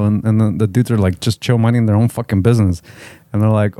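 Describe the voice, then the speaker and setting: A man's voice: fairly low pitch, quick pace, dark tone, no echo, clean studio sound. A young man telling stories in a casual chat, profane and full of slang tags.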